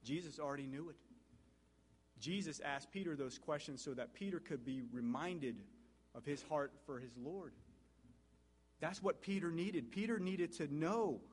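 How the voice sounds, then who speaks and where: A male pastor preaching a sermon, asking the congregation questions and repeating phrases, rising to loud high peaks and dropping to soft low passages. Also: husky.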